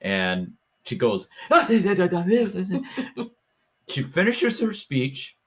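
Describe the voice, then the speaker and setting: A man hosting a talk show, telling a story in a casual, animated way and acting out voices and chants as he goes. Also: sits low, a little slow, husky. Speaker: podcast host.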